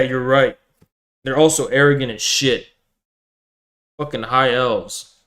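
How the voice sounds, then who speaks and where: A man's voice: mid-range voice, a bit bright. A man streaming live, ranting in a profane, boisterous and confrontational way. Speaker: livestreamer. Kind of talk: ranting livestream monologue.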